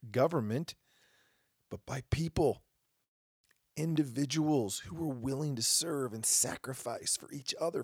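A man's voice: fairly high pitch, creaky, darkish tone, husky, dry recording, clean studio sound. A man hosting a podcast, giving an impassioned opinion monologue with mocking asides. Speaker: podcast host.

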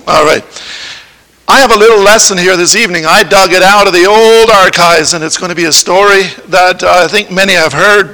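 A man's voice: high voice, bright, forceful tone, poor audio. A man giving a children's sermon in church, playfully coaxing the kids with questions. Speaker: preacher giving a children's lesson.

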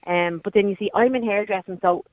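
A woman's voice: mid-range voice, fairly quick, no echo. A woman in her forties with a Dublin accent, calling in to a radio show and chatting casually with a few ums. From Dublin, Ireland. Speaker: caller. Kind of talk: phone-in call. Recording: tinny phone line.

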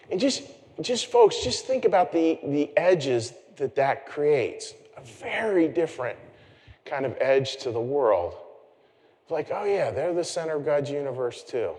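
Animated male pastor in a reverberant hall. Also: fairly high pitch. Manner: conversational, animated, with self-deprecating asides. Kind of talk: sermon. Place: church sanctuary.

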